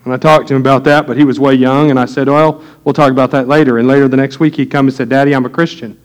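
A middle-aged pastor preaches a sermon, telling homely family stories and talking straight to the pews. His voice sits at an ordinary mid pitch for a man. He moves from folksy asides to earnest preaching. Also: little pitch movement, quick pace. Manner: folksy storytelling, preaching to a congregation.

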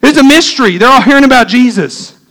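A preacher man, his voice sitting unusually high for a man. He preaches eagerly and quickly, tripping over his words and restarting in his rush to get the next thing out. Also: poor audio. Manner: fast, excitable preaching with many restarts. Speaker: pastor. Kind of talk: sermon.

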